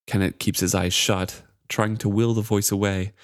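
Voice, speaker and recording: Low-voiced man reading a book aloud. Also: flat delivery, normal speed, hardly any pauses, no room sound, clean studio sound. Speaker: podcast co-host and reader.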